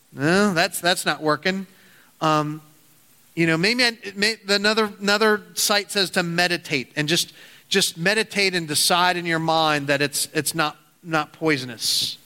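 A man preaching a sermon in an earnest, halting way with frequent restarts, telling a parable to his listeners. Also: a little high, pushed and bright, smooth. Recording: hall reverb.

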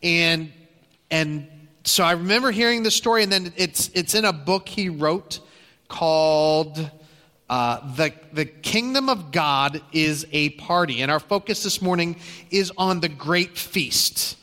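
A middle-aged male pastor preaching a story in a church, with a bright, forceful tone and a fairly high voice. He talks conversationally and restarts often. A long reverb from the sanctuary trails every line. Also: animated, unhurried. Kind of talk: sermon storytelling.

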